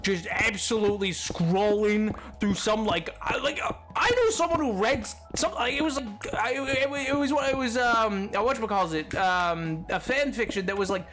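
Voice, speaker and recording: Very high-voiced excitable young man. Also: moderate pace, soft background music. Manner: excitable, stammering repeats, frequent laughter. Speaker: streamer. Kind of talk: live-stream chat banter.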